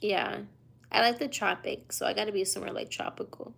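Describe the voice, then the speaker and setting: Tired gravelly-voiced young woman streamer. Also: medium pitch, fairly even intonation, brisk, a bit bright. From United States. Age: 20s. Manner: reads viewer questions aloud, loose slangy drawl. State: tired and yawning. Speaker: livestreamer answering chat. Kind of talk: casual livestream chat. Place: hotel room at night.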